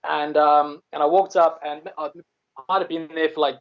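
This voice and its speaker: In a casual chat, this South African comedian guest rambles loosely, looping back, starting sentences over and cursing occasionally. His slightly high male voice has little pitch movement and a moderate pace, heard through dull, lo-fi audio.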